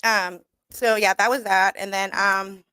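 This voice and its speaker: A young woman rambles through stories on her radio show, laughing often and cursing freely as she acts out what people said. Her pitch sits in an ordinary middle range. The sound is close and dry, with no room behind it. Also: fairly even intonation, unhurried, sharp tone, clear, resonant tone, no room sound. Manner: laughing often, swearing, storytelling with quoted asides. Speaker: radio show host and comedian. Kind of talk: casual rambling monologue. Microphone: studio microphone.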